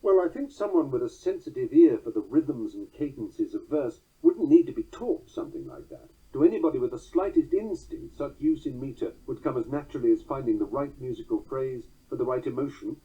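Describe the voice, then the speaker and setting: A man with a measured, drily wry manner, reading poems aloud and explaining meter as a teacher. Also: mid-range voice, sing-song, warm tone, slightly rough, lo-fi sound. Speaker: poetry teacher. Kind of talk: scripted narration reading verse aloud.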